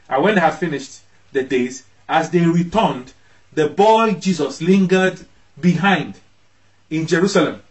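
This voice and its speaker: High-voiced emphatic male preacher. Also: rough recording. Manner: emphatic, rises sharply when voicing parents. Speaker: pastor. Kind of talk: sermon.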